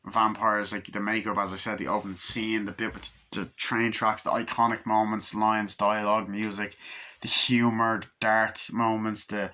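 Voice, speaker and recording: A man giving a rambling, excited movie review, swearing constantly as he recounts scenes. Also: on the low side. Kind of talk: casual movie review monologue.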